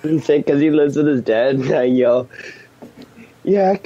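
A man's voice: fairly high pitch, measured pace, mellow, dull audio. An older man joining a podcast as a guest's father, dry and plainspoken.

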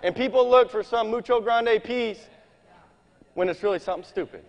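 A man with a high voice preaches in an animated, folksy way, breaking off into scripture readings. His voice rings with a long reverb in a large hall. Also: normal speed, dull audio. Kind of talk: sermon. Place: church meeting hall.

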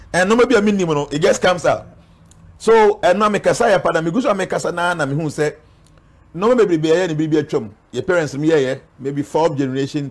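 A man with a Ghanaian accent, a spiritual guest speaking earnestly in an interview, warning and preaching. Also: on the high side. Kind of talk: interview talk mixing Twi and English.

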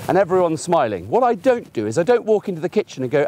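A middle-aged man teaches a puppy outdoors, talking in a relaxed, chatty way. He leans on homely everyday examples to make each point. His voice sits a little higher than most men's. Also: fast talker, hardly any pauses. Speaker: gundog trainer. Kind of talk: outdoor training demonstration. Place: outdoors in a field by a fence.

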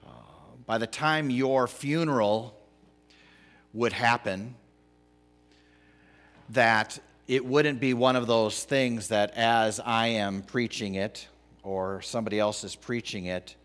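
A middle-aged man preaching a sermon as pastor, pausing often and rising to loud, emphatic peaks. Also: mid-range voice, steady tone.

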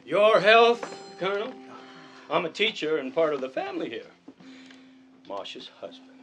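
An actor playing a fussy, cheerful middle-aged schoolteacher who is a doting husband, with a pompous manner. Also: male voice, high-pitched, sing-song, normal speed, fairly bright tone, faint music behind, rough recording. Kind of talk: stage drama acting.

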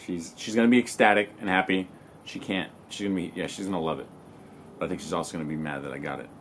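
A young man talking casually to his camera in a relaxed, slangy way, swearing now and then. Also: deep voice, fast talker, slight background noise. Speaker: vlogger. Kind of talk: casual vlog talk to camera.

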